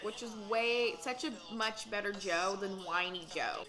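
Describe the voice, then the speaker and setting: A woman hosting a casual reaction recap of a reality dating show, chatting in a gossipy way with quick asides and bursts of laughter. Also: a little high, sharp tone, rough recording.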